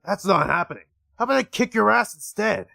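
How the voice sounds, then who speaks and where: A man's voice: sits high, animated, fairly quick, gravelly, pushed and bright, no echo, pitched above the performer's own voice, full character voice. A man voicing a furious, aggressive frilled dinosaur teen boy who threatens and swears. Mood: angry.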